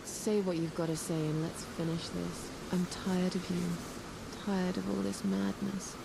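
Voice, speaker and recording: A woman's voice: fairly low pitch, level tone, unhurried, vocal fry, noisy background. An actress voicing a weary, stubborn woman in a video game, with a tired way of speaking. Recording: game audio under loud music.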